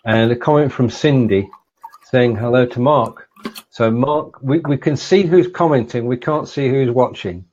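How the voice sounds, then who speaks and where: A man hosting a live stream in a relaxed, chatty way, reading out viewer comments. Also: mid-range voice, a little slow, lo-fi sound. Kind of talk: casual live-stream interview.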